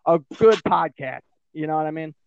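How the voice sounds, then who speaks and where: American man, podcast host, rambling and profane, fairly high voice, dull lo-fi recording. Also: animated, normal speed, gravelly, slight background noise. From Michigan, USA. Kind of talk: casual podcast chat.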